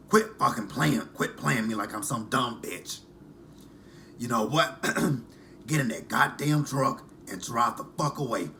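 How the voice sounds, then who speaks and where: A man imitating an angry, foul-mouthed woman with a raspy smoker's voice, yelling and cursing. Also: medium pitch, slight background noise, heavily acted. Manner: cursing, shouting at someone.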